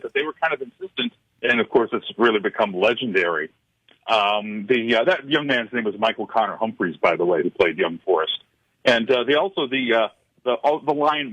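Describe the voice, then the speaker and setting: Man, film professor, halting, lots of uh fillers, dry close sound, slightly muffled radio audio. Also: mid-range voice, animated, a bit bright, no echo. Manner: halting, full of uh fillers and restarts. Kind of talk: radio interview chat. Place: radio studio.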